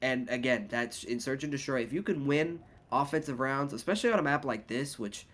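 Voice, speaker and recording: A man's voice: mid-range voice, fairly quick, fairly bright tone. A man with a congested voice giving analytical play-by-play commentary on a competitive shooter match. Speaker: esports caster.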